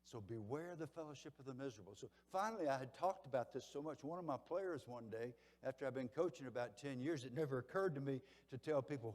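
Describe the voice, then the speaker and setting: Older man, folksy keynote speaker, reverberant hall, medium pitch. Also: expressive, fast, few pauses. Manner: folksy storytelling, swinging between loud and hushed. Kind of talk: motivational banquet speech.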